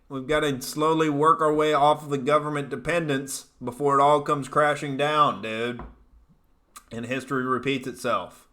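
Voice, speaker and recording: A man with a bright, forceful voice hosts a casual comedy live stream. He rambles through profane, jokey rants between chat comments. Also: fairly high pitch. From United States.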